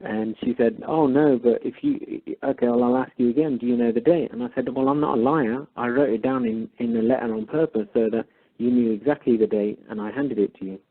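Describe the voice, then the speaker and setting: A man retelling a phone call, acting out both sides of the dialogue with animated emphasis. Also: medium pitch, brisk, vocal fry, husky. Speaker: caller.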